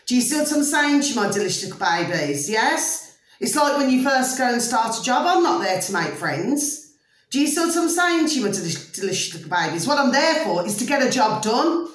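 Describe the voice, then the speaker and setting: A woman's voice: high-pitched, expressive, normal speed, very echoey, recorded from a distance. A woman vlogger in an opinionated monologue, emphatic and ranting, forever asking her viewers if they see what she means. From United Kingdom.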